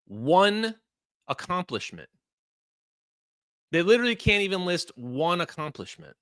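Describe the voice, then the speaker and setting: Fired-up livestream host, man, bright edgy tone, swinging pitch, heated rhetorical rant. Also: no room sound. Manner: heated, emphatic ranting with rhetorical questions. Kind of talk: livestream commentary.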